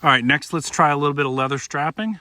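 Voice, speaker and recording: A man's voice: on the high side, quick pace, pushed and bright, a little hiss or hum. A middle-aged man casually reviewing a pocket knife, talking folksy and demonstrating as he goes. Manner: conversational, demonstrating as he talks, folksy.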